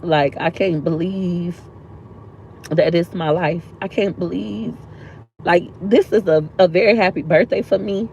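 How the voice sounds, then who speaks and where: A woman's voice: lowish voice, unhurried, creaky, a little mellow, dull audio, slight background noise. A woman vlogger sitting in a park outdoors, talking earnestly and from the heart, repeating lines for emphasis. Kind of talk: emotional motivational vlog talk.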